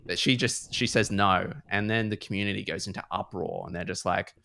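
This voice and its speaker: Low-voiced rambling man. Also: steady tone, brisk, creaky, few pauses, pushed and bright, dry recording. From Australia. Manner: rambling, heavy on fillers like "like" and "you know". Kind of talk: casual podcast chat, retelling a book.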